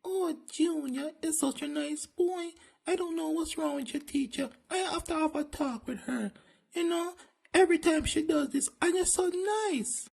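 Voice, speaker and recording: A performer voicing a doting female school principal with a Jamaican accent in a cartoon, soft and cooing. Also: sits high, moderate pace, creaky.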